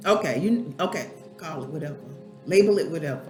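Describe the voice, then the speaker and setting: A woman's voice: low voice, expressive, fast talker, few pauses, a little mellow. A middle-aged woman speaks candidly in an emotional home vlog, rambling and teary, sometimes addressing herself by name. The room is echoey, with faint music underneath. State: teary, eyes watering. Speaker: spiritual life coach and vlogger.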